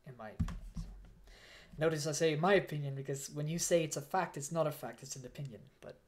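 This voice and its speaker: A man's voice: fairly high pitch, quick pace, slight background noise. A man on a casual livestream, overheated in a fursuit and a bit foggy, who rambles, stammers and restarts his sentences while reading donations.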